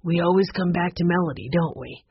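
A woman reading a storybook and voicing a calm, reasonable older brother. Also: on the low side, a little fast, dull audio, a little hiss or hum, natural voice. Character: steady older brother, calm teen boy.

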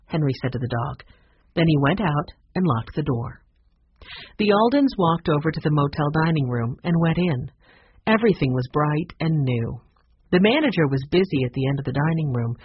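A reader narrating a children's chapter book in a steady, even storybook style. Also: mid-range voice, lo-fi sound, a little hiss or hum. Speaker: audiobook narrator.

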